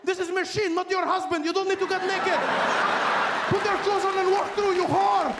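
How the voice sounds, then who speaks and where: A comedian voicing scandalized male airport security guards who yell in shrill, frantic bursts. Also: fairly even intonation, normal speed, vocal fry, roomy sound, a loud crowd, very noisy. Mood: frantic scolding. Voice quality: shrill, squealing. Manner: frantic yelling.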